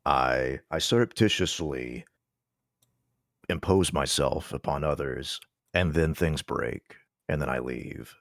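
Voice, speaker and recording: Guy w a super deep gravelly just-woke-up voice, dry wit, lively pitch, dry sound. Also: slow, no room sound. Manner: dry wit, wordy jokes. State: just-woken-up voice. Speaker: guest co-streamer. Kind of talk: casual chat.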